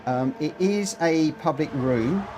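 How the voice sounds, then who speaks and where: Live streaming a racing game, a man with a slightly high voice talks slowly against a noisy background. He's a bit short of breath as he reads the chat out loud and fills his commentary with lots of fillers.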